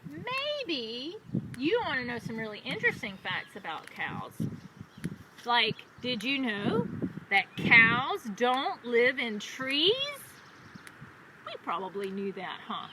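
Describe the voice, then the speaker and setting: Bright, sing-song storytime librarian woman. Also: a little high, sing-song. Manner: sing-song, speaking slowly to small children. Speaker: children's librarian. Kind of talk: children's storytime. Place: outdoors on a farm. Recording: distant mic with loud outdoor noise.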